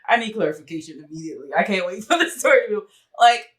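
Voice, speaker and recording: A woman hosting a casual podcast interview, playful and quick to jump in with questions. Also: medium pitch, expressive, fairly bright tone. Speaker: podcast host.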